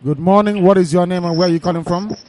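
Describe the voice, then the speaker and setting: A man's voice: high-pitched, fairly even intonation, fast, a little mellow. A man hosting a live call-in radio broadcast, talking emphatically and repeating his points. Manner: emphatic, repetitive preaching talk. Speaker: radio show host.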